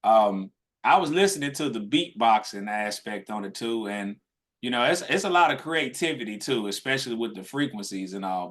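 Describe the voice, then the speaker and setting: A man's voice: mid-range voice, a bit bright. A man co-hosting a podcast live stream, talking casually and rambling with many restarts. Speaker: podcast co-host.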